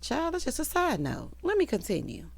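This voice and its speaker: A woman's voice: high-pitched, huge pitch swings, normal speed, creaky. Female recap host with a sassy, teasing chat and a widely ranging voice. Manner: sassy, teasing, calls listeners honey and child. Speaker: TV episode recap reviewer.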